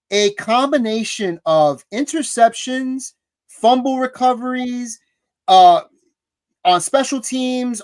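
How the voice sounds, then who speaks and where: Man, sports co-host, slow deliberate delivery, analytical, dry close sound. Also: high-pitched, no room sound. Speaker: podcast co-host. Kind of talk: casual sports talk livestream.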